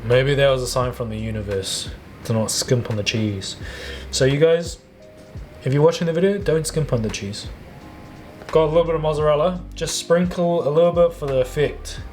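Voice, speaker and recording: A man's voice: a little high, normal speed, darkish tone, faint music behind. A man talking casually through a home baking video, loose and chatty with slangy asides. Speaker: home cook. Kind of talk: casual cooking vlog.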